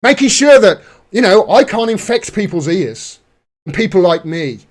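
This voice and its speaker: His voice is high with big pitch swings, and he keeps a moderate pace. The man is a political commentator hosting a livestream, ranting in anger and swearing often.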